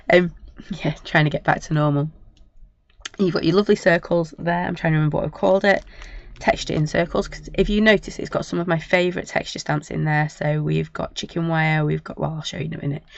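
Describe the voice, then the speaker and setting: A croaky woman hosts a live craft demo, rambling along in a chatty, apologetic way. Her voice is gravelly. The recording is dull and lo-fi. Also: low voice, fairly even intonation, a little fast, no room sound. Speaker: craft shop host. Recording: dull lo-fi sound.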